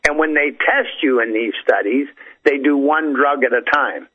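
A man's voice: medium pitch, moderate pace, breathy edge. Older man spinning folksy yarns by phone. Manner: folksy, rambling, with frequent fillers and restarts. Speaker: interview guest. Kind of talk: storytelling over the phone. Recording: tinny phone-line audio.

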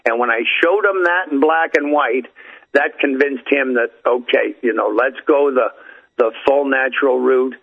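An older man tells long, folksy stories in a rambling, easygoing way. His voice is husky, and the sound is thin and tinny, like a phone call. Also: mid-range voice, normal speed. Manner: folksy, rambling, with frequent fillers and restarts. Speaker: interview guest. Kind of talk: storytelling over the phone. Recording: tinny phone-line audio.

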